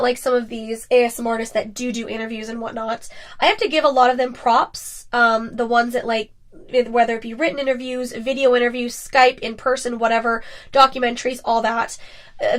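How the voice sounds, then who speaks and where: A woman's voice: a little high, fairly bright tone. A woman hosting her own podcast, chatting casually and filling her talk with frequent "like"s. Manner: chatty, many "like" fillers. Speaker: podcast host and ASMR creator.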